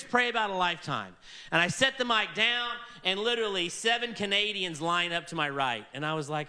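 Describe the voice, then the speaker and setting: An animated male preacher tells a long story from the pulpit, voicing each person he meets. His voice sits high and rings bright and clear. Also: a little fast. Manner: animated, acts out quoted people in varied voices. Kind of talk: sermon storytelling.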